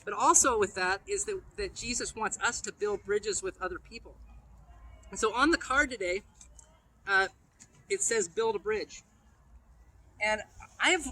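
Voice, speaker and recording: Playful high-voiced man talking to kids. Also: bright, forceful tone. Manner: playful, asks kids questions. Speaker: pastor. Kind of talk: children's message. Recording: noisy live room recording.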